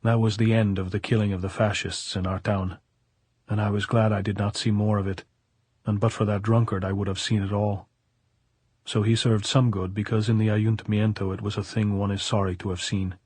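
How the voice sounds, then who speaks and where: A man narrates a novel as an audiobook, telling the story in a steady, measured way. His voice is fairly low and husky, with no room sound.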